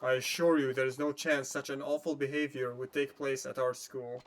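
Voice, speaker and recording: A man's voice: mid-range voice, little pitch movement, normal speed, close to an everyday voice. A man playing a sneering, cold schoolteacher. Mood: contemptuous. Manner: cold, condescending. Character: sneering, dismissive male schoolteacher.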